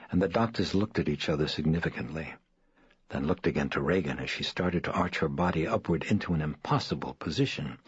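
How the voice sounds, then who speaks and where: Super deep guy narrating a horror audiobook, husky voice, kinda muffled. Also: dry recording. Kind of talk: scripted narration. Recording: dull dry studio read.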